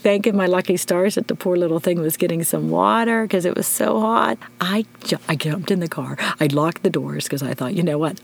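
A middle-aged woman hosting a podcast, telling a personal story in an emotional, animated way. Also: mid-range voice, gravelly. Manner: emotional, animated retelling with shouted quotes. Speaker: podcast host.

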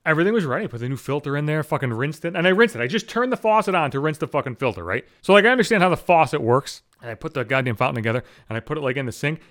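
A man's voice: a little high, animated, racing, hardly any pauses, a bit bright. A man hosting a solo podcast, ranting in a profane, frustrated way while grieving. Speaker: podcast host.

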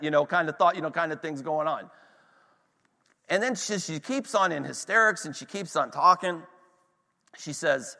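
A man preaching with rising passion and stopping to ask his listeners whether they follow. His voice is bright and forceful and sits a little high for a man. A long reverb trails every phrase, as in a large hall. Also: moderate pace, vocal fry, pauses often. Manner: impassioned storytelling to a congregation, asks "are you with me". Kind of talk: sermon.

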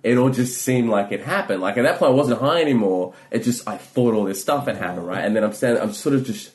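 A male comedian telling a long story in casual talk, rambling with many fillers and swinging from hushed to loud. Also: mid-range voice, expressive, fast talker. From Australia.

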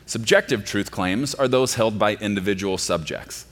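A male pastor delivering a sermon, swinging from quiet, low passages to loud, emphatic ones. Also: moderate pace. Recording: long reverb of a large hall.

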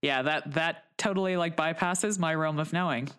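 A woman from Texas, a podcast co-host living in Colorado, chatting casually and relaxed about her week and family. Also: deep voice, normal speed, smooth. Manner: chatty, relaxed, quotes others in lively voices. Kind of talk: casual chat. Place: home in Colorado.

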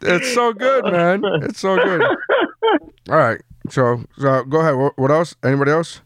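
A man hosting a casual podcast chat, swearing freely and telling animated stories. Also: a little high, normal speed, no echo. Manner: profane, animated storytelling. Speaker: podcast host.

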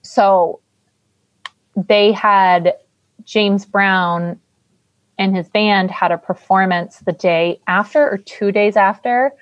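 A woman's voice: medium pitch, steady tone, slow pace, dry recording. Woman podcast co-host, casual recap chat, irreverent and sweary, dry close sound, slightly dull audio.

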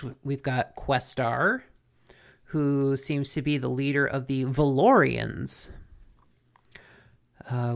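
A podcast co-host casually recapping a cartoon episode in a relaxed, rambling way, leaning on "like" and "basically". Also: medium pitch, vocal fry.

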